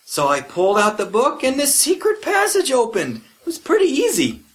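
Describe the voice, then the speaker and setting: A woman's voice: high-pitched, wildly swooping pitch, normal speed. A woman voicing a naive, cheerful sidekick in a comedy audio drama, earnest and chirpy.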